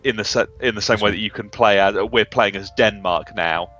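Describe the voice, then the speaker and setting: A man's voice: on the low side, brisk, sharp tone. Man, casual gamer, talks it through thoughtfully; muffled voice chat, faint music behind. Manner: thoughtful, reasons things through at length.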